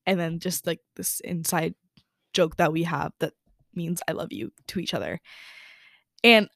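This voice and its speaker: A young adult woman hosts her own podcast, chatting candidly and casually about her day and feelings, with lots of "like" and some swearing. Her voice is fairly low, steady, gravelly and at normal speed, recorded dry with clean studio sound indoors by a window.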